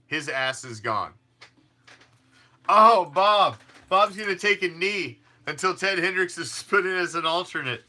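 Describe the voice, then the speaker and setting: A man's voice: high-pitched, expressive, unhurried, pushed and bright. A man hosting a fan sports show, talking casually in a rambling, emphatic way with frequent restarts and some swearing. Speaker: fan podcast host.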